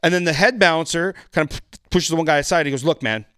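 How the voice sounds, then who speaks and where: A man telling stories as a podcast guest, animated and profane, acting out the people in his stories. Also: on the high side, quick pace, smooth, no echo, studio quality. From Canada. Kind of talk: casual storytelling.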